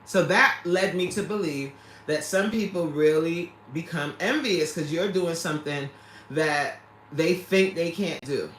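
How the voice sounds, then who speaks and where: A woman's voice: lowish voice, measured pace, echoey room, slight background noise. A woman hosting a casual livestream who reads out viewer comments, laughing often and talking straight to her viewers. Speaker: livestream host reading chat.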